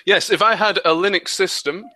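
Male co-host, slightly high and bright, deadpan humor, dry close mic. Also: normal speed, no room sound. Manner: dry, matter-of-fact with deadpan jokes. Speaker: podcast co-host. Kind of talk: casual chat.

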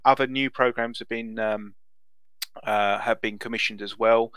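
A man co-hosting a casual podcast who rambles through his explanations with frequent ums. His voice is mid-pitched, smooth and resonant. The sound is dry and close to the mic. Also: steady tone, normal speed, a bit bright, no room sound. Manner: rambling, with many ums and uhs. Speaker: podcast co-host.

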